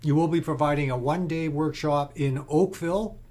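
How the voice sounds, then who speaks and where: A man's voice: on the high side, a little fast, darkish tone. A man hosting an interview, asking questions politely and formally with brief prompts. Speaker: interview host. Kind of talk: hosted interview.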